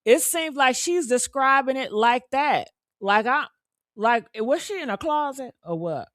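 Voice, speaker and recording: A woman hosting a live true crime reaction chat, talking in an emphatic, animated way and swearing freely. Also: high voice, measured pace, no room sound, studio quality. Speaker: host.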